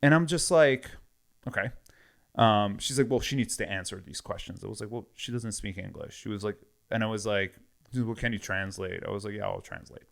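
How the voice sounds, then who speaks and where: A man's voice: on the low side, a little fast, creaky. A man casually retelling a story with lots of quoted back-and-forth. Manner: animated retelling with many quoted exchanges.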